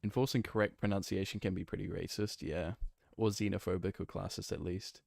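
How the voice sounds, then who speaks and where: Kiwi guy streaming, kinda low voice, rambly and playful, lots of ums. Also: steady tone, brisk, vocal fry, a little mellow, dry recording, studio quality. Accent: New Zealand. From New Zealand. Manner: rambling and playful, thinks aloud with frequent fillers. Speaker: game streamer. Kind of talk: casual chat while playing and reading chat.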